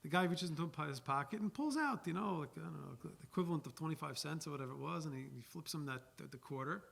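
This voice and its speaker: A man giving a Torah class as a rabbi, telling stories in an animated, chatty way and sprinkling in Yiddish and Hebrew words. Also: fairly high pitch, fast talker, creaky, breathy edge. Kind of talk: Torah lecture with storytelling.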